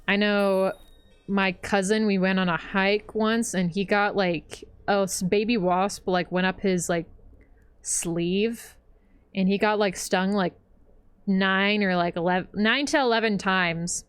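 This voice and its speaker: Rambling young woman streamer, smooth voice. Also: mid-range voice, dry recording. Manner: rambling, heavy on fillers, laughs often. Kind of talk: casual chat while gaming.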